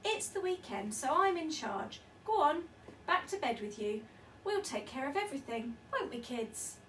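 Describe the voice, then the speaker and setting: A woman voicing a cheerful, bossy father who gives brisk commands to his family. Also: high-pitched, big pitch swings, a bit bright, reverberant, distant mic, slight background noise. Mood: jolly. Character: bossy cheerful dad taking charge.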